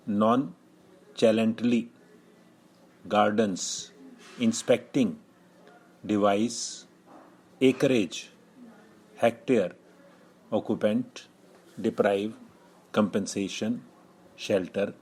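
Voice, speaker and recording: A man, a shorthand teacher, dictating single words slowly with steady pauses between them. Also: on the low side, slightly rough, low-quality recording. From India. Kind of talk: slow word-by-word dictation.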